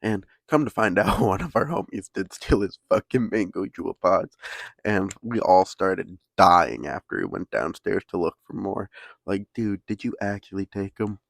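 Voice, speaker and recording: A man's voice: low-pitched, expressive, moderate pace, gravelly, dry recording. A young man casually telling a story in laid-back slang, swearing constantly.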